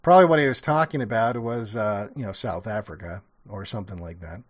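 A fairly low-voiced man talks briskly over dull audio, reacting casually to an old TV show. His commentary rambles and is full of profanity, sarcastic asides, and frequent restarts.

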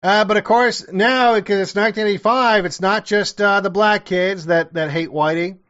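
A man's voice: sits high, fairly even intonation, moderate pace, fairly bright tone, muffled recording. A man giving casual reaction commentary, rambling and profane, with sarcastic asides and many restarts. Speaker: commentator reacting to an old TV show.

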